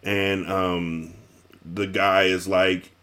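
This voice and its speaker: A man's voice: low-pitched, flat delivery, drawn-out words, a bit bright. A middle-aged man in casual chat, retelling a story with rambling fillers and restarts.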